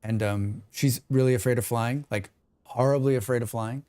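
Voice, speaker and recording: A man chatting casually on a gaming livestream, excitable and swearing freely while he talks to his viewers. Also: mid-range voice, normal speed, clean tone, no echo.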